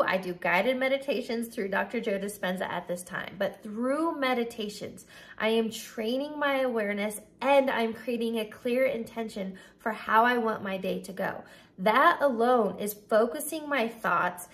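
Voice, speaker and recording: Emphatic woman life coach, high voice. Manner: emphatic, lists words one by one. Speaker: life coach and podcast host. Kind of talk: motivational video talk to camera.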